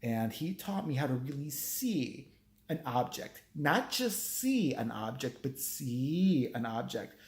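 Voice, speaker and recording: A man putting on a hushed, pompous artist. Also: big pitch swings, roomy sound. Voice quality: low, hushed and slow. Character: pretentious middle-aged male artist, dreamy.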